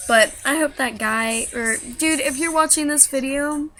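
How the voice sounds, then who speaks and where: A woman vlogger with a fairly high voice tells a story straight to camera. She is chatty and quick, with laughing asides. Faint music plays underneath. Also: a bit bright.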